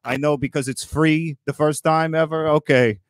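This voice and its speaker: A man playing Moses as a grumpy old Brooklyn man, hosting a comedy roast with sarcastic rapid-fire jokes. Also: on the high side, steady tone, slight background noise, lightly acted. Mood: kvetching. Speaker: roast host.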